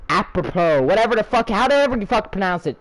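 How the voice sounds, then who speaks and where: A man's voice: high voice, expressive, fast, rough recording. A young man delivering an angry, profane, sarcastic rant as a channel host.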